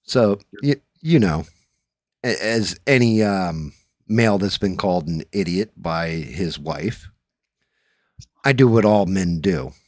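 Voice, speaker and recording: Casual male show host, low register, salty storyteller, dry close mic. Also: takes it slowly, dry recording. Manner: profane, storytelling, animated when riled up. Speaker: podcast host. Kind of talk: casual chat.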